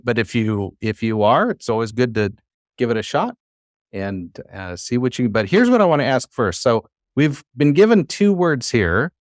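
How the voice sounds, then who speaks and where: With clean studio audio and no echo, a man with a mid-range voice teaches Hebrew. He explains things patiently and encourages his students to attempt reading aloud.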